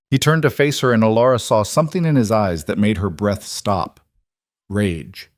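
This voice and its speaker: Low-voiced man narrating a crime story. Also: moderate pace, no room sound, studio quality. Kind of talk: dramatic audiobook narration.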